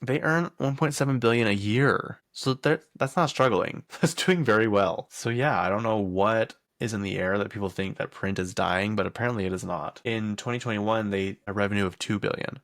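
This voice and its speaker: Young man, casual pop culture host, rambling and chatty, very low voice, dead dry sound. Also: normal speed, few pauses, fairly bright tone, dry recording. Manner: rambling, chatty, laughs often, lots of fillers. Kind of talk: casual chat.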